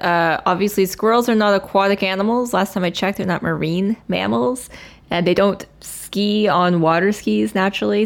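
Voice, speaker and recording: A woman co-hosting a podcast in casual chat, dry and matter-of-fact. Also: on the low side. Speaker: podcast co-host.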